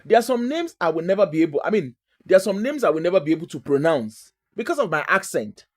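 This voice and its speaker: A woman's voice: lowish voice, very animated, fast. A woman from Nigeria with a Nigerian accent, talking in a chatty, emphatic and digressive way as the host of a casual monologue.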